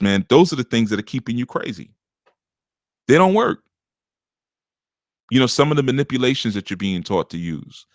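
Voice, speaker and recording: A man with a deep, rough, gravelly voice and a slight scratchiness up top, giving relationship advice as a spiritual teacher in a blunt, punchy, unscripted monologue. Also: no echo, studio quality. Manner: punchy, forceful, lecturing.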